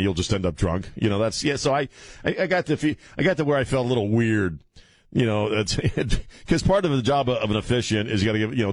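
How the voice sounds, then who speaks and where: A man's voice: lowish voice, dry recording. A middle-aged man hosting a talk radio show in a studio, blunt, sarcastic and rambling. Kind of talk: opinionated talk radio chat. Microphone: studio microphone.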